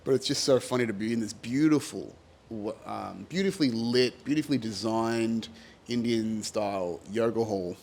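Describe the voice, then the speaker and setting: A man's voice: on the low side, normal speed, creaky, a little mellow, a little hiss or hum. A man hosting a podcast in a casual monologue, rambling with many fillers and frequent laughter. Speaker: podcast host.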